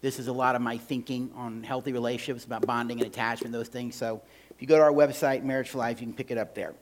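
A man's voice: mid-range voice, steady tone, fast, slight background noise. A man giving a sermon on healthy relationships as a guest speaker in a church, emphatic and often asking the audience to fill in the answer.

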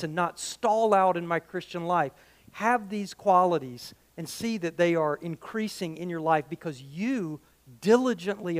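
A middle-aged man preaching a sermon as pastor, conversational and animated, full of rhetorical questions. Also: high voice.

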